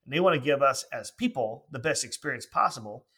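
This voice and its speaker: A man's voice: mid-range voice, expressive, fairly quick, bright, forceful tone, slightly rough. A man hosting a podcast interview, explaining ideas in an upbeat way and bringing in new topics. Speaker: podcast host.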